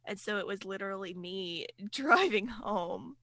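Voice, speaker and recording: Young woman hosting a podcast, bright voice, laughs a lot, dry sound. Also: mid-range voice, animated, a little slow, dry recording. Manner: laughing, joking. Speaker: podcast host. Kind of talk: casual chat.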